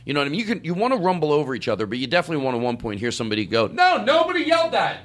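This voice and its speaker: A male podcast host rambling and joking through a loose studio chat. His pitch sits in the middle but bounces around a lot. He keeps cutting himself off and restarting his thoughts. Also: animated, rapid-fire. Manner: rambling, joking, self-interrupting.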